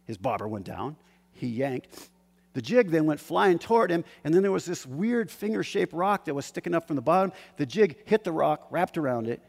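A man telling a personal fishing story in a lively, animated way, acting out shouts and gasps. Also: fairly high pitch, gravelly. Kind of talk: casual spoken story. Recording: hall with long reverb.

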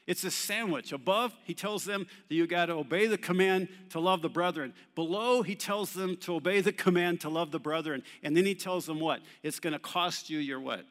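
Preacher guy, kinda high voice, quizzing the crowd, long echo off the hall. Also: brisk, hardly any pauses, fairly bright tone. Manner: call-and-response questions to the congregation. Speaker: pastor. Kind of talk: sermon. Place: church hall.

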